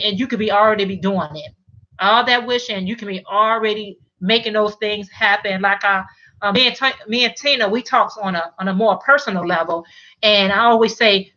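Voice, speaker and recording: A woman's voice: mid-range voice, pushed and bright, muffled recording. A middle-aged woman hosting a casual live stream, chatting and reading viewer comments, often restarting and repeating words.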